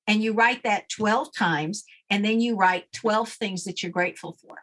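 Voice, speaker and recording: A woman's voice: mid-range voice, normal speed, few pauses, fairly bright tone. A woman guest coach giving confident, matter-of-fact instructions in an interview.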